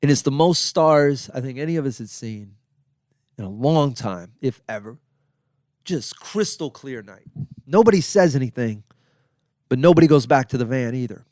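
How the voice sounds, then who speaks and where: A man's voice: medium pitch, moderate pace, dry recording. Storytelling man, dry close sound. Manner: loose, animated storytelling with acted-out quotes. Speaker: comedian and podcast host.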